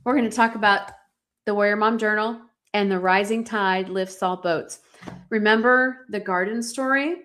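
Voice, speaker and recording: A woman's voice: mid-range voice, fairly even intonation, normal speed, fairly bright tone. A middle-aged woman hosting a live-streamed podcast, giving an earnest, encouraging talk and speaking directly to her viewers. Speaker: podcast host.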